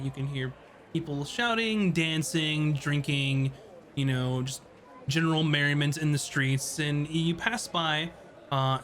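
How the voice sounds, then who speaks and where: A man running a tabletop game as game master, narrating in a rambling, halting way full of fillers. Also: on the high side, a bit bright.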